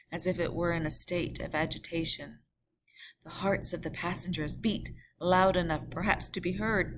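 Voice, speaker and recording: Low-voiced woman reading a classic novel. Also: noisy background. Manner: measured, expressive storytelling. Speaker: audiobook narrator. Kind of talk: scripted narration of a classic novel.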